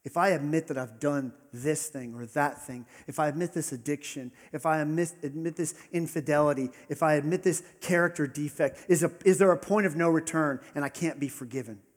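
Pastor, male, higher-pitched, husky; earnest sermon delivery in a church hall with long reverb. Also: a little fast, hardly any pauses. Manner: earnest, building to emphatic peaks then dropping soft.

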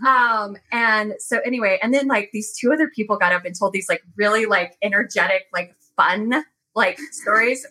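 A woman talking as a podcast guest in casual chat, telling stories in an animated way with many fillers. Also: mid-range voice, normal speed, low-quality recording.

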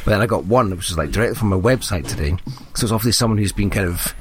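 A man's voice: fairly low pitch, very fast, slight background noise. A young man co-hosting a film podcast, swearing a lot and stumbling over his words with enthusiasm. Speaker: podcast co-host. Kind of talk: casual film podcast chat.

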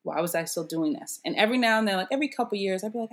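A middle-aged woman telling her story in a casual interview, animated and laughing often as she acts out what others said. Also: mid-range voice, racing. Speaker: interview guest.

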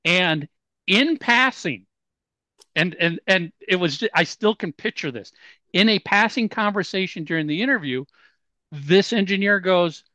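High-voiced man, excited podcast co-host. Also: measured pace, no echo. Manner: excited, repeats words when starting. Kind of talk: casual podcast chat.

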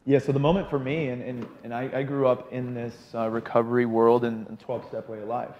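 A man's voice: medium pitch, a little fast, long reverb tail, muffled recording, slight background noise. A man telling his recovery story in a casual chat, acting out the people he quotes. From Arizona. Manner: animated, quotes people in voices. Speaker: podcast guest in recovery.

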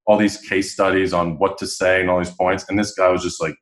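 A man with a deep, low-pitched voice tells stories as a guest in a casual interview. He talks with animation and acts out the voices of the people in his stories. The recording has a noticeable roomy echo. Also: fairly quick. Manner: animated, acts out quoted dialogue. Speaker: podcast guest.

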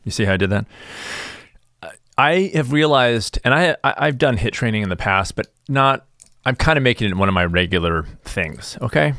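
A man's voice: medium pitch, expressive, normal speed, sharp tone, dry recording, clean studio sound. A man hosting his own show, talking in a rambling, self-deprecating, stop-start comedic monologue. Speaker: host.

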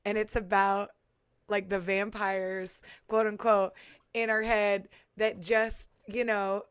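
A woman's voice: mid-range voice, flat delivery, slow pace, clear, resonant tone, no room sound, studio quality. A woman musician chatting casually, talking through her thoughts with many fillers and restarts. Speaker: musician and podcast guest. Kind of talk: casual chat. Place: San Diego.

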